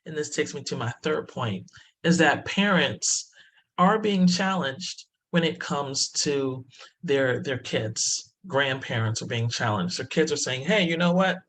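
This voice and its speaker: A woman's voice: a bass voice, unhurried, a little hiss or hum. A woman speaking as a diversity presenter in a webinar talk, telling stories, laughing often and restarting her phrases.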